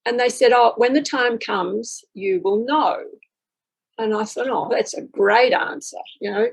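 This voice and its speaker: A woman's voice: fairly high pitch, measured pace, gravelly, husky, low-quality recording. A woman in a group talk sharing spiritual experiences in a reflective storytelling way, acting out her inner dialogue. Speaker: group discussion participant.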